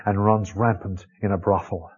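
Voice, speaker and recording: An actor playing an earnest, deferential arts radio interviewer, asking measured questions. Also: male voice, low-pitched, steady tone, very noisy, close to an everyday voice. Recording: husky voice on a dull lo-fi recording.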